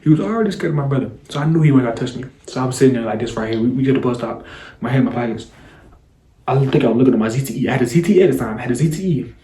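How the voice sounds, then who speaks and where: A man's voice: medium pitch, racing. Young man, casual vlog storyteller, loose slang, roomy echo. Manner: animated, loose slangy retelling with sound effects.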